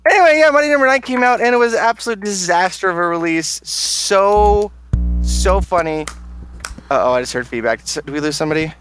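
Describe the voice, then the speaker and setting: A man's voice: sits high, animated, brisk, a bit bright, clear, resonant tone. A man hosting a casual gaming podcast, joking crudely and laughing often. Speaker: podcast host.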